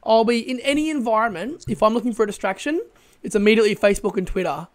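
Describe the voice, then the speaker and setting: A man's voice: sits high, fast. Stammering, chatty podcast co-host man. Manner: stammering, repeats words, laughs often. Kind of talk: casual podcast chat.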